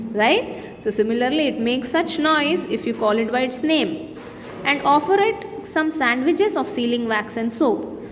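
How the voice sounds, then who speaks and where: Reading poem lines aloud to young students, an Indian English-accented teacher breaks them down in plain language. Her high voice has lively intonation at a measured pace, in a long-reverb room with faint background noise.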